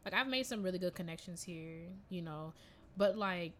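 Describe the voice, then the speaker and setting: A young woman in her twenties co-hosting a casual podcast chat, animated and slangy, laughing often. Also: on the low side, moderate pace, a little hiss or hum. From Jamaican family ties. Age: 20s. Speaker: podcast co-host.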